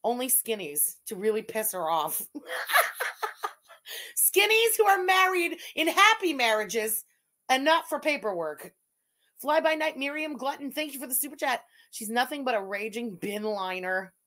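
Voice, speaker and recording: A woman's voice: high-pitched, sing-song, measured pace, sharp tone. A woman from Canada hosting a livestream, talking in a sarcastic, profane way and laughing often. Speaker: streamer host. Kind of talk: casual livestream commentary.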